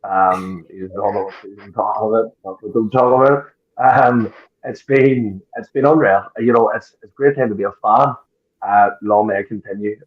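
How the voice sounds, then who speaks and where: A man who is a folk singer, guesting on a podcast and talking in a halting, stop-start way. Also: fairly low pitch, fairly even intonation, lo-fi sound. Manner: halting, many fillers and restarts. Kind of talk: casual chat.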